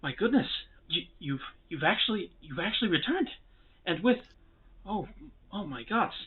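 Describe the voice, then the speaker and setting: A man's voice: mid-range voice, takes it slowly, lightly acted. A man voicing a stocky, bald, grateful dwarf official who stammers and gushes, heard over a tinny phone-like line. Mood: amazed. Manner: flustered and effusive, stammering.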